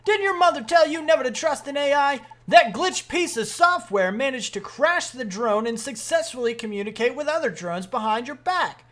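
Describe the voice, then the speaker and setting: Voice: high-pitched, expressive, normal speed, hardly any pauses, fairly bright tone, pitched above the performer's own voice. A streamer putting on the voice of a stern male military commander, reading game dialogue aloud in a clipped drill-sergeant delivery. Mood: barking.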